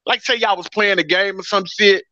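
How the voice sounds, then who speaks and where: A man with a fairly high, bright, forward voice chats casually on a podcast. He talks in laid-back slang and keeps saying "bro." His mic sounds dull and lo-fi, with a dry, close sound. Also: brisk, dry recording. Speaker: podcast co-host. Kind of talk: casual chat.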